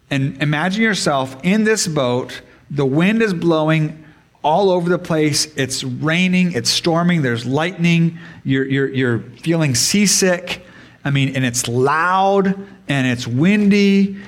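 Chatty man preaching to a congregation. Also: a little high. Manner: conversational, asks the audience questions; varied pace, speeds up and slows for emphasis. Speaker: pastor. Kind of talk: sermon.

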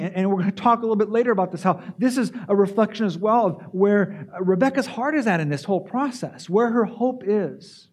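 A man with a high-pitched voice delivers a sermon, putting rhetorical questions to his listeners. He often doubles words as he restarts his phrases. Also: animated, fairly quick, few pauses, husky. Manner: poses rhetorical questions to the congregation. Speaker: preacher.

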